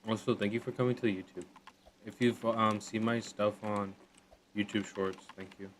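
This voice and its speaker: A man's voice: lowish voice, fairly even intonation, moderate pace, slight background noise. A young man chatting casually on a livestream, thanking viewers again and again and running himself down, easily flustered.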